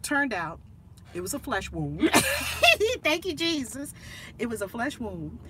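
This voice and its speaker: A woman hosting her channel as a minister, telling a family story in casual chat, animated and laughing, acting out the voices of the people in it. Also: on the high side, slow pace, very noisy.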